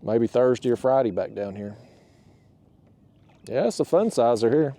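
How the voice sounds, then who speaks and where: Man, warm and relaxed tone, casual fishing-vlog host speaking from his kayak on a camera mounted to the boat. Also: medium pitch, measured pace, a little hiss or hum. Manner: folksy and chatty, talks out loud to the fish. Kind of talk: casual on-the-water vlog talk. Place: outdoors on a kayak on a reservoir.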